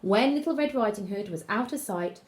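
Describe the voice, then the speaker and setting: A woman teacher reading a fairy tale aloud to children, with expressive storytelling. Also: mid-range voice, moderate pace. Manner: expressive storytelling, gasps and whispers.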